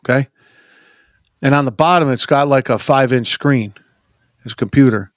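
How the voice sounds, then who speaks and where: A man's voice: mid-range voice, moderate pace, no echo, studio quality. A man hosting a casual podcast chat, joking and swearing as he tells stories. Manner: profane, joking, conversational. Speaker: podcast host.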